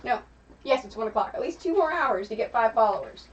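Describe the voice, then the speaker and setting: A woman's voice: a little high, expressive, fairly quick. Chatty American woman streaming from afar. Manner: chatty, explains stream rewards to viewers. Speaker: streamer host. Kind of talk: casual livestream chat while crafting. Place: home craft room. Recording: distant, dull lo-fi stream mic with faint noise.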